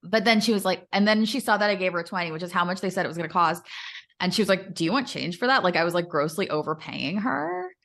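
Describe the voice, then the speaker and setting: Animated woman telling a story. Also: on the low side. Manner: animated storyteller, quick, acts out quotes with laughs. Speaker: podcast co-host. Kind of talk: casual chat.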